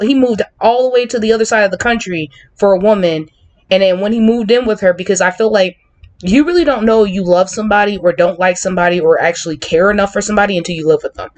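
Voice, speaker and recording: This woman hosts a casual conversation and speaks candidly about her own views. She is chatty and opinionated, and her voice sits at a mid pitch. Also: a little mellow. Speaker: podcast host.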